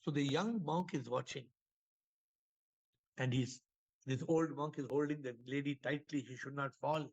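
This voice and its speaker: A man's voice: medium pitch, steady tone, unhurried, long pauses. A man gives a spiritual talk full of parables, repeating his phrases and acting out the voices in his stories. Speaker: spiritual teacher. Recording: dull lo-fi recording.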